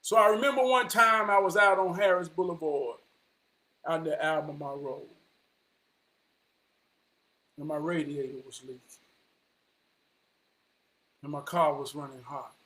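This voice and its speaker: A man, telling a personal story in an animated, vernacular way. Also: fairly high pitch, measured pace, pauses often. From Charlotte, North Carolina. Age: 40s. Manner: animated, vernacular, quotes people in dialogue.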